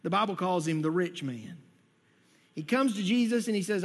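High-voiced pastor preaching in a reverberant hall. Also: male voice, expressive, breathy edge. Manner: conversational, repeats words and restarts, slows for emphasis. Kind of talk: sermon. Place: church sanctuary. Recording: long reverb of a church hall.

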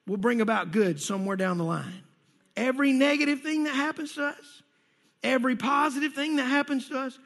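A man preaching a sermon as pastor, energetic and conversational, with playful acted asides. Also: very high-pitched, gravelly, slightly rough. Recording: long hall reverb.

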